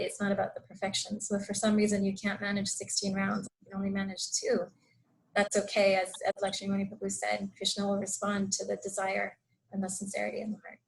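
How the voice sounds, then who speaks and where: Woman, devotional talk, storytelling, video call, acts out quotes, mid pitch. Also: monotone, quick pace, gravelly, rough recording. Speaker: speaker. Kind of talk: devotional talk in an online program.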